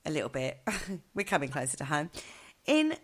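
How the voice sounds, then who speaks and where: A woman's voice: low voice, sing-song, normal speed. A female co-host chatting on a live show, giggly and enthusiastic.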